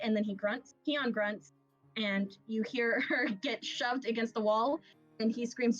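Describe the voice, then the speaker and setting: A woman's voice: a little high, steady tone, a little slow, dull audio, soft background music. A woman acting as game master, narrating a tabletop game in a casual, chatty way with many fillers. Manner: casual, laughing, full of fillers.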